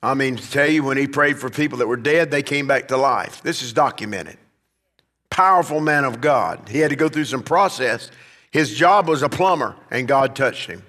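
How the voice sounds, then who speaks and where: A man's voice: medium pitch, expressive, normal speed, sharp tone, long reverb tail. A man preaching a sermon as pastor, swelling to emphatic peaks as he drives his points home. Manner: preaching, rising and emphatic at climaxes.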